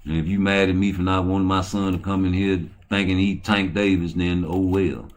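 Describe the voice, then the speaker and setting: A man with a low-set voice hosts his own livestream, rambling loosely from one thing to the next. He is profane and boisterous, dropping into low mutters and then surging into loud, excited bursts. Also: brisk. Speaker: channel host.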